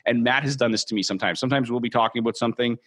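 A man's voice: mid-range voice, steady tone, racing, a bit bright. A man hosting a training podcast, speaking earnestly and encouragingly to his listeners as a mortgage brokerage trainer. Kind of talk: motivational training talk.

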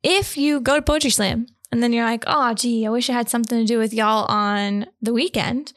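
A woman's voice: a little high, fairly even intonation, a little fast, a bit bright, no echo, studio quality. A woman who coordinates bookstore events, chatting on a podcast in an enthusiastic, jokey way. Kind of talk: casual chat.

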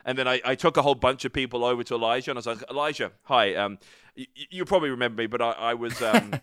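A man's voice: medium pitch, racing, a bit bright, clear, resonant tone, dry recording, studio quality. A young man, casually chatting and swearing as a podcast co-host, rambling through stories. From New Zealand. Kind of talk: casual chat.

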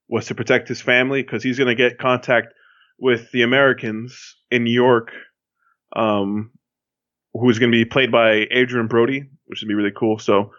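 A man's voice: medium pitch, fairly bright tone, no echo. Rambling man on a dull lo-fi mic. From Miami, Florida. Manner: rambling, with many fillers and restarts. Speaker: podcast co-host. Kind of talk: casual chat. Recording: dull lo-fi sound.

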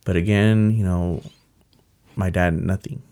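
A young man telling a personal story in casual talk, earnest and halting, with many fillers. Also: sits low, fairly even intonation, dark tone, clear, resonant tone. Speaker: guest telling his story.

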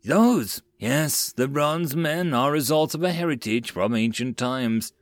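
A man voicing a calm, dismissive legion commander. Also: medium pitch, unhurried, no echo, close to an everyday voice. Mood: cool. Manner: cool, dismissive.

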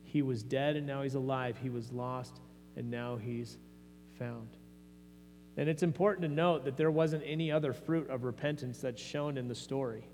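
A man's voice: mid-range voice, moderate pace, a little mellow. A man preaching a sermon as pastor, earnest and conversational, often restarting his phrases. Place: church sanctuary. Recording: long hall reverb, faint mains hum.

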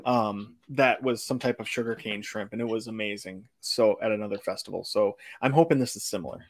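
A man co-hosting a podcast, chatting in a relaxed way and steering the conversation around the group. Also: fairly low pitch, a little fast. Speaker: podcast co-host. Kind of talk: casual chat.

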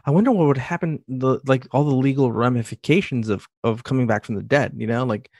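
A podcast co-host who talks in a loose, halting way and keeps circling back to restart a thought. The voice sits at an ordinary middle pitch. It is recorded dry and close. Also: a little mellow, dry recording. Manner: hesitant, full of fillers and restarts. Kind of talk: casual chat.

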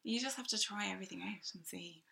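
A woman's voice: mid-range voice, fast, gravelly, pushed and bright. A woman, a drama facilitator, talking enthusiastically as a guest in a casual interview, with fillers and laughs.

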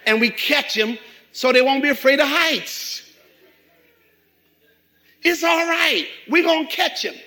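A middle-aged man preaching a sermon, animated and acting out quoted voices. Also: extremely high pitch, a little slow, pauses often, rough recording. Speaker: pastor.

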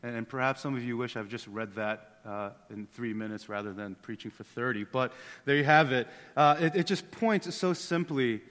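A man in his thirties, a pastor preaching a sermon in a relaxed, joking, conversational way that often repeats words. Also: mid-range voice, normal speed, hardly any pauses. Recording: long hall reverb.

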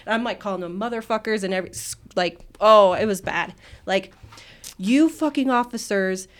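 A woman co-hosting a podcast tells a heated story from her nursing work. She swears freely and laughs through the telling, in an animated, conversational way. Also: medium pitch, brisk, clear, resonant tone. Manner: profane, animated, laughs often. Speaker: podcast co-host, nurse. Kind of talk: casual storytelling chat.

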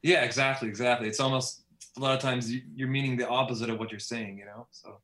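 He talks fast at a medium pitch with fairly even intonation and a slightly bright sound. He's a Canadian author from Steinbach, Manitoba, easygoing and given to light laughter as a guest on a casual podcast, heard in an echoey space.

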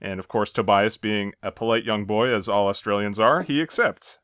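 A man telling a TV episode in casual podcast chat, clearly enthusiastic about it. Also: on the low side, moderate pace, fairly bright tone, dry recording, studio quality.

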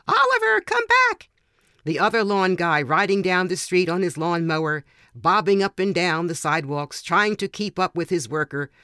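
Older woman, author, reads a personal anecdote in a measured, gentle manner with a dry close mic. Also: deep voice, no room sound. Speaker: author reading her own story. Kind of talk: personal story reading.

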